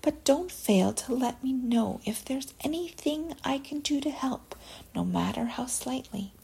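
A woman voicing a timid, anxious young male pig in a whispered role-play with a soft whisper. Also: high-pitched, lively intonation, unhurried, vocal fry, husky, full character voice.

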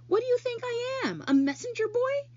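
Woman doing a grumpy high-voiced rat. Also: sing-song, moderate pace, a little mellow, muffled recording. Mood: grumbling. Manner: grumbling, high-pitched. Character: grumpy male barn rat, put-upon.

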